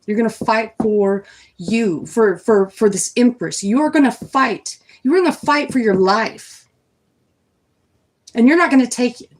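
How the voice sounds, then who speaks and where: A young woman with a fairly high, unhurried voice chats straight to her live-stream viewers while giving a casual, rambling tarot reading. She reads the cards aloud as she goes.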